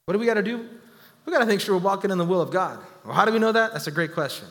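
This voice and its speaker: A male pastor in his thirties preaches with a high, ringing voice. He jumps from quiet asides to loud, emphatic lines. The sound carries a long hall reverb. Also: very fast. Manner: preaching with sudden rises and drops in volume; acts out whiny quoted voices of people. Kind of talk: sermon.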